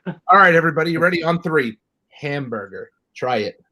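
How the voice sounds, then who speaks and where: A man's voice: fairly high pitch, quick pace, bright, forceful tone, dry recording, low-quality recording. A man with a New York accent, hosting a casual chat and telling rambling stories with lots of restarts. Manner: rambling, chatty storyteller with many restarts. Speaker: host.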